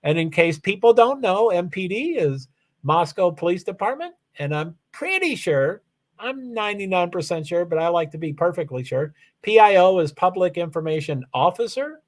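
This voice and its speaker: A man's voice: high voice, big pitch swings, moderate pace. A man streaming live and answering chat in a rambling, self-correcting way, full of fillers. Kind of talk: casual livestream chat.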